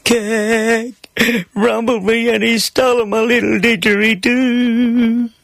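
A man's voice: very high voice, slow pace, bright, forceful tone, no room sound, clean studio sound, pitched above the performer's own voice, exaggerated voice. A man voicing an upset, tearful young boy of about six. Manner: whiny, tearful.

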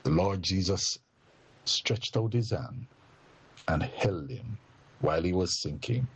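Slow, gravelly-voiced man preaching. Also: lively intonation. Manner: slow and deliberate with sweeping pitch. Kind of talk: sermon.

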